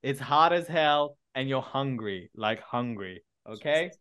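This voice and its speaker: A man hosting a podcast, running a playful improv game and giving quick directions to his guests. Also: mid-range voice, expressive, fairly bright tone, smooth. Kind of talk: casual banter with guests.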